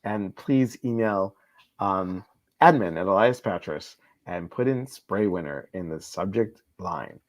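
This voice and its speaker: A man's voice: deep voice, measured pace. Chatty man hosting a live stream. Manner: chatty, reads viewer comments aloud. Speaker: host. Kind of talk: casual live-stream chat. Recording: slightly dull lo-fi stream audio.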